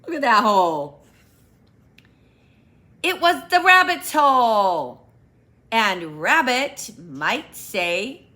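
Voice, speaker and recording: A woman reading a children's picture book aloud, with teacherly questions to young listeners. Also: a little high. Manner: slow, expressive, teacherly asides.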